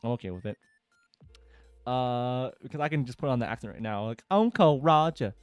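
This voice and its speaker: A man's voice: medium pitch, fairly quick, darkish tone, smooth, no echo, faint music behind. A man casually reading forum posts aloud and commenting, with lots of fillers and chuckles. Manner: chatty, with frequent fillers and laughter.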